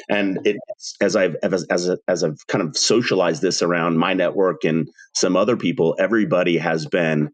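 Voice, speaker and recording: A man in his forties with a deep, husky voice, chatting on a podcast. He tells stories with energy and acts out both sides of each conversation. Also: normal speed, few pauses. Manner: animated storyteller, acts out dialogue. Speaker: podcast co-host. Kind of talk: casual podcast chat.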